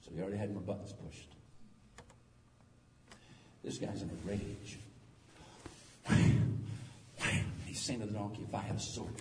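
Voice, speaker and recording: A middle-aged man preaching a sermon, telling the story in a folksy, joking, animated way. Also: lowish voice, fairly quick, long pauses. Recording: echoey hall, distant mic, faint noise.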